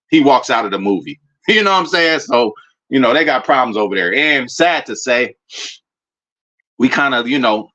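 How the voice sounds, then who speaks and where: A man's voice: lowish voice, muffled recording. A man on his own show, ranting about his team in loose, profane banter that jumps from gloating to griping. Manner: animated, profane, rambling fan banter. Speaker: sports fan commentator. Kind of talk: casual fan rant.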